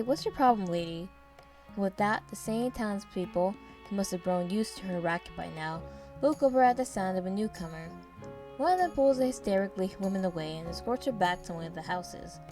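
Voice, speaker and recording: A woman's voice: medium pitch, dark tone. A woman narrating a first-person story in a descriptive, wry way.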